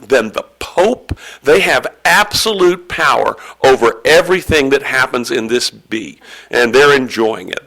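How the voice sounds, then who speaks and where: A man's voice: mid-range voice, gravelly, sharp tone. A man acting as pronouncer at a school spelling bee, explaining the rules to the spellers in a friendly, joking, reassuring way. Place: school event hall.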